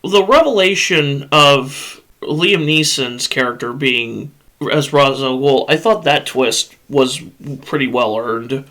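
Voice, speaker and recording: Bright-voiced man ranting bluntly. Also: mid-range voice, slow. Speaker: podcast host. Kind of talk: casual movie discussion. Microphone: USB podcast microphone.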